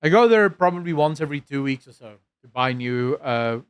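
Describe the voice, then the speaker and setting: A South African man streaming and reading his chat aloud. His voice sits a touch high, and his accent leans American. He rambles in a loose, self-mocking way, full of ums and restarts. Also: lively intonation, fairly quick, clean tone, no room sound. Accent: South African with an American-leaning lilt. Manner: rambling, self-deprecating, many fillers and restarts. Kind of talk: casual live-stream chat.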